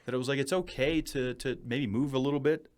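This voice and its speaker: A man's voice: medium pitch, steady tone, fairly quick. A man from New Hampshire hosting a podcast, earnest and agreeable in casual chat.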